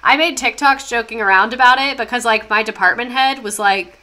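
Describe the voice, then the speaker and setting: A woman's voice: on the high side, fairly quick, sharp tone. A young woman streaming a casual history lesson, chatty and sarcastic, reading chat aloud as she goes.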